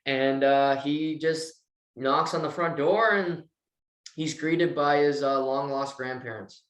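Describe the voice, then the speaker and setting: As a podcast co-host, a man casually recaps a TV episode in an animated way, acting out the characters' lines as he goes. His voice is fairly high and slow, recorded with a roomy echo.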